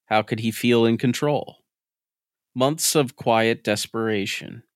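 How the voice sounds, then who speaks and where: A man's voice: medium pitch, takes it slowly, no echo. Dry, close male storyteller. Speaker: podcast narrator. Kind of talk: scripted story narration.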